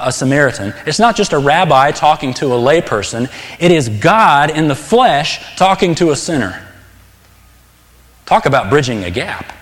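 A man preaching a sermon, talking in an earnest, conversational way and stressing key words emphatically. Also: on the high side. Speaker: pastor. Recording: long hall reverb.

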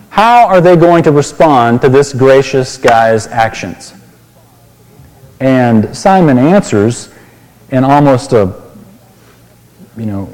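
A man's voice: mid-range voice, a little mellow, in a large hall, low-quality recording. A pastor preaching a sermon, explaining a Bible passage and asking his listeners questions.

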